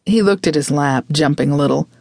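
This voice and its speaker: A woman narrating a romance audiobook in a measured, expressive way. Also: low-pitched, creaky, no echo, clean studio sound. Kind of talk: scripted narration.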